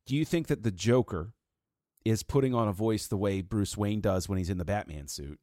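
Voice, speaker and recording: A man with a somewhat low voice, talking through a film in a relaxed podcast chat. He reasons step by step, restarting sentences as he builds each point. The sound is dry and close, with no room around it. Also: moderate pace, no echo. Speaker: podcast co-host. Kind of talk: casual podcast discussion.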